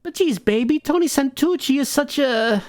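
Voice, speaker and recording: Brief: man doing a shrill, timid mob girlfriend for a crime game, lilting, close dry mic. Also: lively intonation, normal speed, darkish tone, no echo. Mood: coaxing. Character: mobster's moll, young woman, timid and coaxing.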